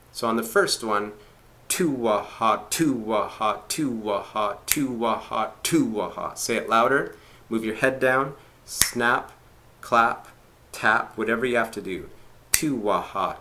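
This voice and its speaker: A man's voice: mid-range voice, bright, forceful tone, a little hiss or hum. A man teaching didgeridoo technique in a live video chat, explaining step by step and chanting rhythm syllables. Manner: explaining step by step, thinking aloud. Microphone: webcam on a live video chat.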